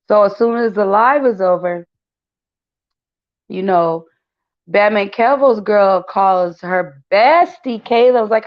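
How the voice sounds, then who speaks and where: A woman's voice: mid-range voice, slow pace. A woman hosting a casual celebrity gossip commentary, chatty and full of fillers, talking to her viewers as y'all. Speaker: gossip channel host. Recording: dull lo-fi sound.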